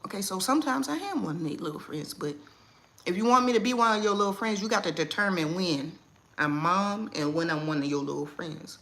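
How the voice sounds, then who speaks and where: Woman, AAVE speaker, livestream host; bright, slightly low voice; chatty and quick to laugh. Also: animated. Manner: chatty, laughs often, reads viewer comments. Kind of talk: casual live chat with viewers. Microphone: phone or webcam on a livestream.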